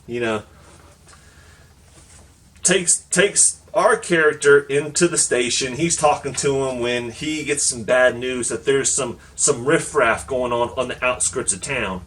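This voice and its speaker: A man's voice: medium pitch, a little slow, a bit bright, distant mic. A man giving a casual comic book review, talking loosely with lots of fillers and laughing along as he retells the story. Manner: loose and chatty, many fillers.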